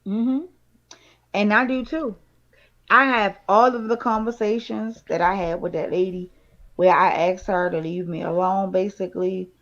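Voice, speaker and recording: A woman's voice: mid-range voice, steady tone, a little slow, lo-fi sound. A woman co-hosting a casual chat show, venting indignantly about her troubles. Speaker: podcast co-host.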